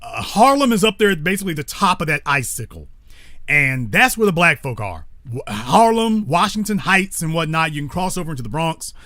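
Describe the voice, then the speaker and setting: A man's voice: fairly high pitch, big pitch swings, a little fast, sharp tone, dry recording, studio quality. A man hosting a call-in talk show, speaking bluntly with profanity and stopping to correct himself.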